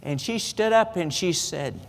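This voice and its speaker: A man's voice: high-pitched, expressive, a little slow, long reverb tail. A man with a Southern US accent preaching a sermon, telling folksy, self-deprecating stories with humor. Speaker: pastor.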